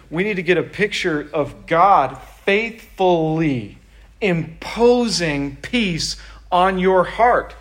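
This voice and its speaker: Middle-aged male pastor, slightly high voice, conversational sermon delivery, jokes with the room and acts out quotes.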